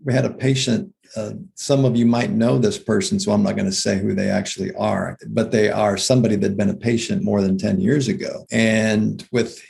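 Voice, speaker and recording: A man with a gravelly, creaky edge and a somewhat low pitch talks through health ideas in a relaxed podcast conversation. He restarts his sentences often and tosses in "right?" as he explains. He comes across as a health practitioner co-hosting the show. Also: normal speed, hardly any pauses, a little hiss or hum. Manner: explanatory, with frequent restarts and "right?" check-ins. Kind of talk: casual conversational podcast talk.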